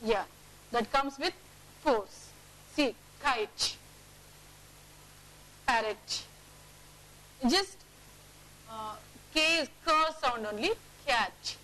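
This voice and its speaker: Bright high-voiced woman teaching a class. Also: low-quality recording. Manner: drills words aloud, checks with quick questions. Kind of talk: classroom phonics lesson.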